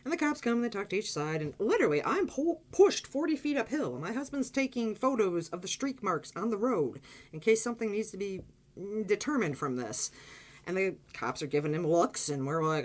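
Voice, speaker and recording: A woman casually telling a personal story on her vlog, animated and blunt, acting out quotes and swearing freely. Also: a little fast. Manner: animated, swearing, acts out quotes in high excited voice. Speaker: vlogger.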